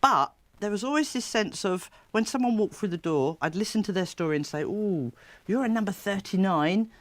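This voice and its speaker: Animated woman telling stories. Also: mid-range voice, fairly quick, no echo. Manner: lively, animated storyteller who laughs often. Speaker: therapist and child coach. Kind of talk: storytelling interview.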